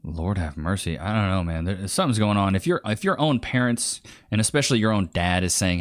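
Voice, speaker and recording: Wry man with a lively voice. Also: on the low side, a little fast, few pauses, a little hiss or hum. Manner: mocking, wry asides. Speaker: commentary host. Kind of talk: sarcastic reaction commentary.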